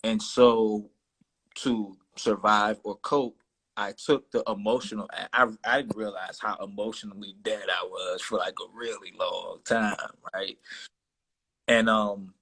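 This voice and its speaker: A man's voice: fairly low pitch, steady tone, unhurried, sharp tone, breathy edge, rough recording. A man in his thirties, a guest in a casual interview, speaking candidly and thoughtfully about himself. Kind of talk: casual conversation.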